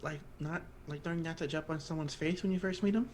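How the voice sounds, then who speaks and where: A man voicing small noble gnome children of about six, in a high, whiny, childish voice. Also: quick pace, a little mellow, a little hiss or hum, natural voice. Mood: curious. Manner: high, childish, whining and pleading.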